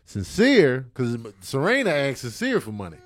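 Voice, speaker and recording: Co-host, forties; lively pitch, dry close mic. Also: male voice, normal speed, dry recording. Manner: laid-back, animated storytelling with voiced quotes. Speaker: podcast co-host, father. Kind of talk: casual chat.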